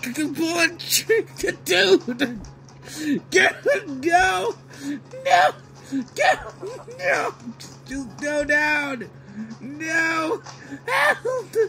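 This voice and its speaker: A man giving excited gameplay commentary, yelling, laughing and pleading with his opponents as he plays. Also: extremely high pitch, creaky. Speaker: gaming video creator.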